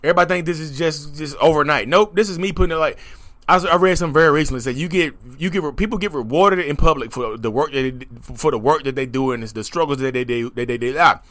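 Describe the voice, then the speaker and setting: A man talking straight to his audience in an emphatic, rapid, repeating monologue about his own journey. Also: fairly high pitch. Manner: animated, emphatic, rapid, repetitive. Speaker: content creator talking about narcissism. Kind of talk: animated direct-to-camera monologue.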